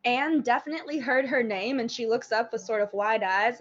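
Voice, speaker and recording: A woman narrating a tabletop game as game master in a quick, chatty way. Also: fairly high pitch. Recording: slightly muffled stream audio.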